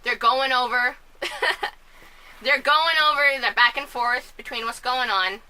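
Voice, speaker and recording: Woman vlogger at home, high bright voice, rambling and excitable. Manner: chatty, scatterbrained, quick bursts of loud outrage. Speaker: film and musical reviewer. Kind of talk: casual vlog commentary. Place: at home, family asleep next door.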